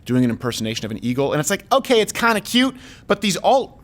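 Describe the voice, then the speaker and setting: Brief: a jokey male talk-show host, rambling riffs, fairly high and very lively pitch. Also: fast talker. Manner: animated, rambling, jokey riffing. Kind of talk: comedic talk show banter.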